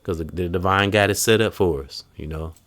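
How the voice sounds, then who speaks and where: A man hosting a casual podcast, telling stories in an animated way and acting out quotes. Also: low-pitched, brisk. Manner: animated storytelling, acts out quotes. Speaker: podcast host.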